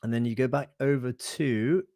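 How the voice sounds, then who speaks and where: A man presenting a live online software demo, thinking aloud in a relaxed, hesitant way with fillers and self-corrections. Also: medium pitch, normal speed, dry recording. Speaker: webinar presenter.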